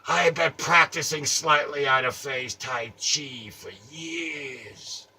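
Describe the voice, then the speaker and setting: A man doing an improvised comic monologue, taunting someone in a theatrical voice that swings from mutters to shouts. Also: on the high side, slow, slightly rough. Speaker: comedic performer. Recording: distant mic, faint ambient noise.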